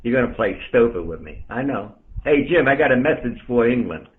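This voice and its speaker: A man's voice: medium pitch, expressive, brisk. A man from the Bronx, a ham radio operator, ranting bluntly on air and calling out listeners by name. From the Bronx, New York. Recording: tinny radio transmission.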